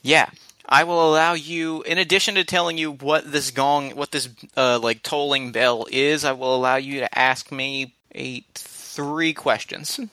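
A man running a tabletop game as game master, narrating in a relaxed, loose way with frequent restarts. His voice sounds bright and forceful at a mid pitch, and the recording is dry and close. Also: unhurried, no echo.

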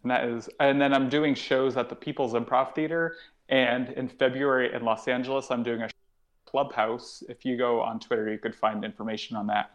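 A man's voice: medium pitch, fairly even intonation, normal speed, highs cut off. A man, a guest comedian, chatting casually on a podcast and laughing often.

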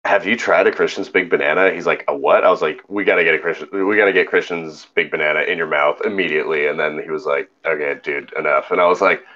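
A man co-hosting a podcast, telling an animated story in casual chat and swearing freely. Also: very deep voice, fast talker, hardly any pauses, highs cut off. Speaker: podcast co-host.

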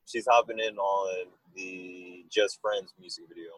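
A man with a fairly low, husky voice chats casually in an interview. He rambles and tells animated stories. The sound is dry and close. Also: unhurried, no echo, poor audio. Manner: rambling, animated storytelling with laughs. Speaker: musician guest.

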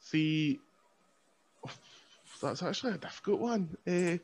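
A man's voice: high voice, lively intonation, takes it slowly, a little mellow. A man, a guest on a podcast, rambling and joking in sweary casual chat. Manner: rambling, joking, laughs often. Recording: dull lo-fi sound.

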